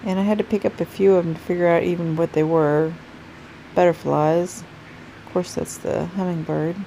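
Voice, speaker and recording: Sleepy-sounding woman with a gravelly voice. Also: lowish voice, fairly even intonation, normal speed, warm tone, a little hiss or hum, rough recording. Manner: chatty, rambling, self-correcting. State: sleepy, yawning. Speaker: nail art vlogger. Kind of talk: casual chat to camera. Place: home craft room.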